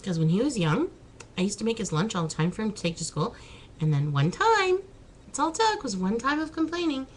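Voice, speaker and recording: A woman's voice: on the high side, sing-song, a little fast, slight background noise, rough recording. A woman chatting casually in a home vlog, laughing and exclaiming as she talks. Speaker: vlogger. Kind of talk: casual chat.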